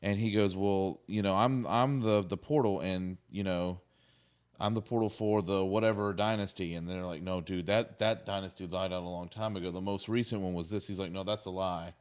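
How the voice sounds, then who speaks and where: A man co-hosting a relaxed podcast chat, telling the story of an episode with real gusto. He slips into quick impressions of the characters, and his pitch leaps up high when something amuses him. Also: clear, resonant tone. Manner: animated retelling, acting out quotes with lively pitch jumps. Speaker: podcast co-host. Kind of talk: casual chat recapping episodes.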